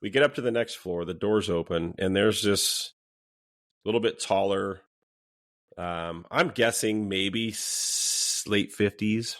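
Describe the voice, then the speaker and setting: A man with a fairly low voice tells a story in a relaxed podcast chat. He swears freely and acts out the lines people said. He speaks like a former police officer recounting a run-in. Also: slow.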